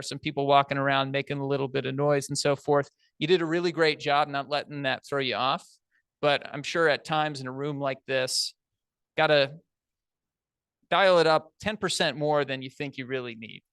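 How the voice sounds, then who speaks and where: A man with a slightly high-pitched voice gives spoken feedback on a speech to a room full of people. He is encouraging and down to earth, chatting more than lecturing. His voice sounds close and dry, with almost no room sound. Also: a bit bright, dry recording. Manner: encouraging, conversational, plain-spoken. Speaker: speech evaluator. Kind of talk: spoken speech evaluation to an audience. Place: large meeting room.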